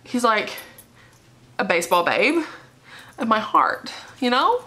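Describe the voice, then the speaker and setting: Young woman vlogger, bright tone, gushing and tearful, casual chat at home. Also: on the high side, big pitch swings, slow. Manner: gushing, emotional, laughs often. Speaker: book vlogger. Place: dark living room at home.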